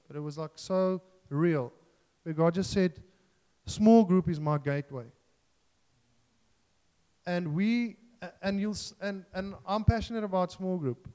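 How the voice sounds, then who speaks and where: A man's voice: sits high, darkish tone, in a large hall. A man preaching a sermon in an earnest, self-deprecating way, joking and restarting as he talks.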